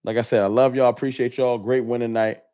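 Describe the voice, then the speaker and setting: A man's voice: medium pitch, steady tone, fast talker, warm tone, clear, resonant tone. A man hosting a live stream, ranting heatedly and swearing with repetitive, emphatic points in a casual talk.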